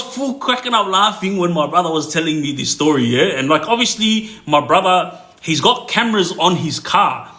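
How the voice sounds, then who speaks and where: A man telling a story casually, rambling with fillers and laughing along the way. His voice is bright and slightly high. The room adds a noticeable echo. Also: lively intonation, moderate pace, hardly any pauses. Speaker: storyteller, clips page host.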